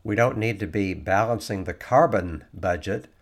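A man's voice: on the low side, normal speed. A man giving political commentary, reading quotes aloud and adding sarcastic asides.

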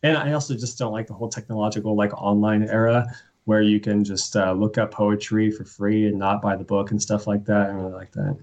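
A man's voice: on the low side, flat delivery, a little fast, a little mellow. A man, a poet appearing as a guest, talking bluntly and wryly in casual conversation and reading his own poems aloud. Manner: blunt, opinionated, wry.

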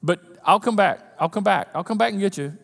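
Man, high voice, lively sermon, long hall reverb. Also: a little fast, vocal fry. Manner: animated, conversational preaching, voices the disciples' panic. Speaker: pastor.

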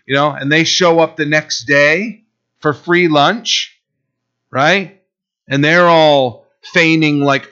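A man's voice: a little high, pushed and bright, lo-fi sound. A man preaching a sermon in a conversational way, sometimes acting out the voices of Bible figures. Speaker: pastor.

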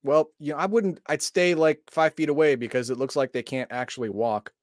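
A man's voice: a little high, steady tone, brisk, no room sound. Wisecracking man, dry close sound. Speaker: co-host. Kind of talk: casual chat.

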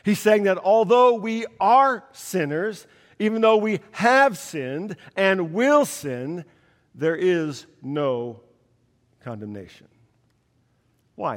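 A man preaching a sermon as pastor, slow and emphatic with dramatic pauses. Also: high voice, expressive, long reverb tail.

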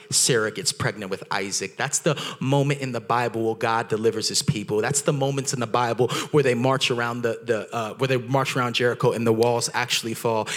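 A young man preaching as a guest speaker, telling stories excitedly and driving home his points with animated, emphatic delivery. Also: medium pitch. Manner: excitable, storytelling, acts out voices in anecdotes. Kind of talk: energetic sermon.

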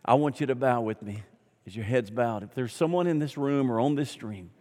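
A man's voice: medium pitch, a little fast. Southern man, pastor, emphatic sermon, mid-range voice, big reverberant sanctuary. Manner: swings from hushed to loud, emphatic preaching. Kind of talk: Easter sermon.

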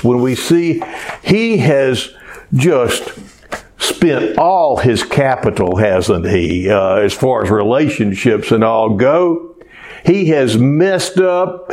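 A man's voice: medium pitch, a little mellow. A man preaching a sermon in a folksy storytelling manner, often asking rhetorical questions. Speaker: pastor.

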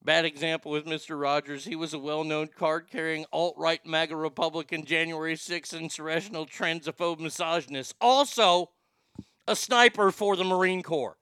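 A man delivers a sarcastic, profane comedic rant as a talk show host. His voice sits high and bright with a crisp, smooth tone. The sound is dry and close, with no room around it. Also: steady tone, normal speed, no echo. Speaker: podcast host. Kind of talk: ranting comedic commentary.

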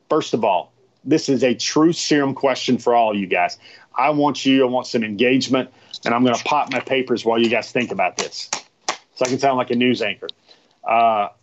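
Chatty man hosting a lo-fi live stream. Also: medium pitch. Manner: rambling, chatty, repeats himself. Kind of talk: casual live-stream talk to viewers.

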